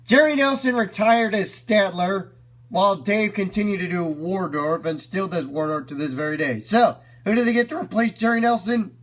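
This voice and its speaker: A man's voice: sits high, moderate pace. Upbeat man commenting on clips. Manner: enthusiastic, explains as he goes. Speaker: video reviewer.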